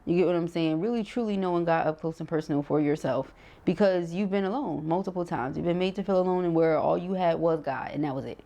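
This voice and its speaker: A woman in her thirties gives a casual tarot reading with a slightly low, sore-throated voice. She talks in an emphatic, preachy way, peppered with slang and rhetorical questions to her viewers. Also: fast, gravelly, mellow. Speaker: tarot reader.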